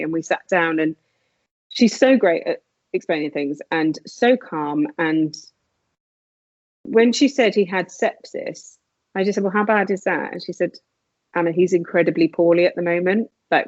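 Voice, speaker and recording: A woman with a fairly low voice tells a personal story as a podcast guest, lifting her voice to act out what people said. The recording is dull and lo-fi, with a dry, close sound. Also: no echo. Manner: earnest, re-enacts dialogue in a raised voice.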